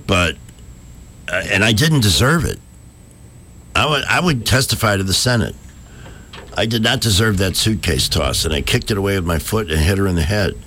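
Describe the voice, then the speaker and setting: A man's voice: fairly low pitch, animated, normal speed, long pauses, sharp tone, a little hiss or hum. A man hosting a local radio show from the studio, rambling and self-deprecating as he tells stories. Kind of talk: casual morning radio chat.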